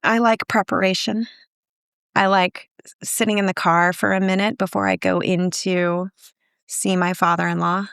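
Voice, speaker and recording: A woman's voice: mid-range voice, little pitch movement, normal speed, vocal fry, a bit bright, clean tone, dry recording, studio quality. A woman therapist speaking earnestly on a podcast, emotional and given to restarts. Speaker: guest therapist. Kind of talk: podcast conversation.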